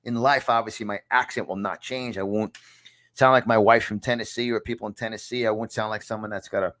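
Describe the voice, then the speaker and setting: A man's voice: on the low side, fairly even intonation, quick pace, fairly bright tone. A man in his fifties with a New York accent gives a motivational talk as a podcast host, repeating key lines in an emphatic, punchy, preacher-like delivery from a home studio. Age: 50s. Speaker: podcast host and success coach.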